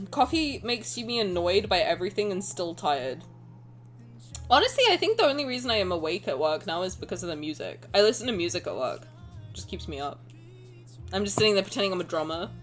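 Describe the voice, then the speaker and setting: A woman's voice: mid-range voice, sing-song, brisk, soft background music. A young adult woman streamer chatting casually and joking with her viewers, swearing now and then. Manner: joking, swearing, playful banter. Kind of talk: casual livestream chat, reading chat aloud.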